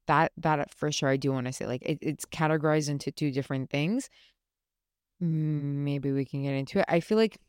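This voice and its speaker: Low-voiced woman chatting heartfelt and rambling. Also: a little mellow, no echo, studio quality. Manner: rambling, heartfelt, many fillers. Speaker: podcast host. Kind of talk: casual solo chat.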